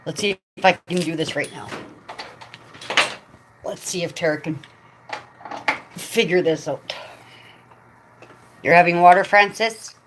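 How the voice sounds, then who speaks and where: A chatty woman with a slightly low voice hosts a casual home livestream. She greets her viewers by name with bubbly excitement. Her phone sits propped up in front of her. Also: a little slow, pauses often, noisy background. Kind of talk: casual live chat.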